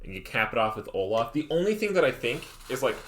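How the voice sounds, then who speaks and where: A man's voice: medium pitch, big pitch swings, fast talker, a bit bright, slight background noise. A man casting an esports match on a live stream, talking in a laid-back, rambling way with joking asides. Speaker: esports caster. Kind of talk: casual live-stream commentary.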